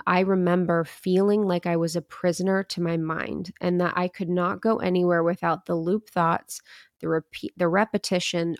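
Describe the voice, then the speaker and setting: A woman in her thirties with a low, gravelly voice recorded dry and close. She tells a personal story in an earnest, candid way and now and then acts out her own inner thoughts. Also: no room sound. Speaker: podcast guest. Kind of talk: reflective storytelling.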